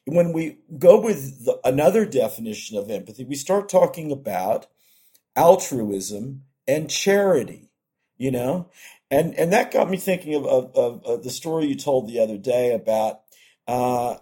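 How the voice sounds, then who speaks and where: A man's voice: medium pitch, animated, moderate pace, warm tone, slightly rough. A man co-hosting a podcast, speaking thoughtfully and hesitantly, often restarting his phrases. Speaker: podcast co-host. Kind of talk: reflective casual talk.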